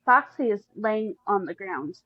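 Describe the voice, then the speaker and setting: A woman's voice: medium pitch, expressive, unhurried, dry recording, dull audio. A woman at home with her pets, chatting casually and gushing as a podcast guest. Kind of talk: casual chat.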